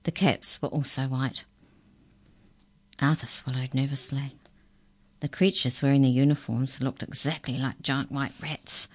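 A woman reading a children's storybook aloud, unhurried and expressive. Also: a bass voice, slightly rough, no echo.

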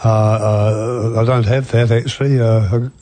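An older man giving casual commentary on a radio talk show, speaking in a measured, hesitant way. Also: mid-range voice, level tone, dark tone. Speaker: regular commentator.

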